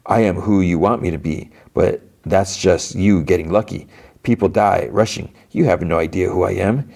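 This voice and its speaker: A man's voice: low-pitched, normal speed, vocal fry, a little mellow. A man hosting a podcast, casually retelling a TV episode scene by scene, with lots of fillers and restarts. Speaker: podcast host.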